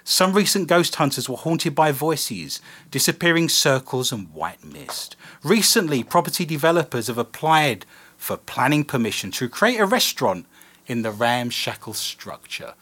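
A man's voice: mid-range voice, sing-song, normal speed, fairly bright tone, husky. A man hosting a live radio show, bantering and joking in a playful, teasing way. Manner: playful, teasing, laughs often.

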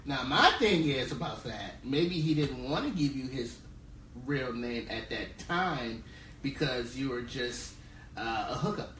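A man's voice: medium pitch, a little slow, distant mic, slight background noise. Easygoing man chatting in a roomy podcast. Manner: relaxed, giving dating opinions with fillers. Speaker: podcast co-host. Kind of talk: casual podcast chat. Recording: roomy sound from off-mic.

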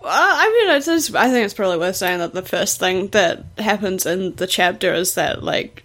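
A woman co-hosting a casual podcast, wry and quick to laugh as she sums things up. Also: medium pitch, lively intonation, fairly bright tone. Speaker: podcast co-host. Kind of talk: casual comic chat about manga.

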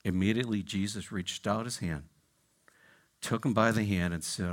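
A male pastor preaching a sermon, swinging from loud exclamations down to hushed near-whispers and checking in with "right?" and "I mean". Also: lowish voice, moderate pace. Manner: repeats "right?" and "I mean" to engage listeners.

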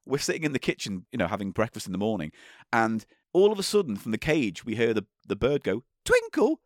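A man's voice: lowish voice, fast talker, dry recording, studio quality. A man co-hosting a podcast, chatting casually and telling a story with frequent laughs. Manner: animated storytelling, laughs often. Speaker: podcast co-host. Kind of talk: casual chat.

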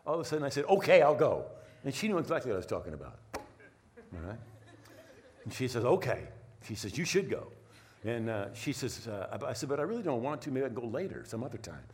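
A middle-aged man preaching a sermon, telling a personal story with lively asides and frequent "right?" checks. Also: mid-range voice, fast. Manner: animated storytelling, repeats words, asks "right?". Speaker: pastor.

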